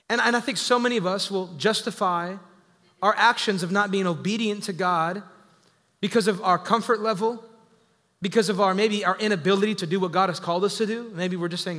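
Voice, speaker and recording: A man preaching a sermon to his church, energetic and calling out to the congregation. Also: high-pitched, moderate pace. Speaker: pastor. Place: church sanctuary. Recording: echoey hall.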